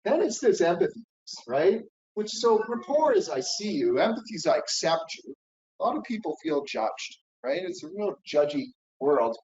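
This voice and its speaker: A man's voice: high-pitched, sing-song, moderate pace, darkish tone. A middle-aged man giving a conference keynote in a coaching tone, often checking in with "right?" and "okay?". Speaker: keynote speaker. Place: conference hall. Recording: echoey hall, dull lo-fi sound.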